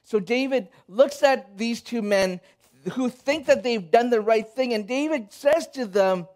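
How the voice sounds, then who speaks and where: High-voiced man retelling a Bible story. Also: measured pace. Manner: animated storytelling, quoting figures in casual speech.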